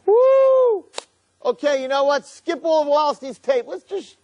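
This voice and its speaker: A man doing a gloating, high-pitched devil. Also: a little slow, muffled recording, exaggerated voice. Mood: gleeful. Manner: gloating, excited, whooping. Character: gleeful scheming male Satan-like spirit.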